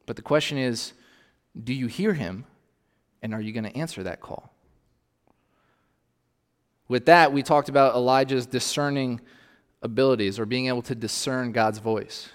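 A man's voice: mid-range voice, big-room sound. A male pastor preaching in a conversational way, often checking in with his congregation. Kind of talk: sermon.

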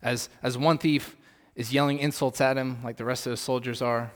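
A man's voice: medium pitch, flat delivery, normal speed, hardly any pauses. Preaching man in a reverberant hall. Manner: rhetorical questions, swings from loud emphasis to soft. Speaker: pastor. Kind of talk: sermon.

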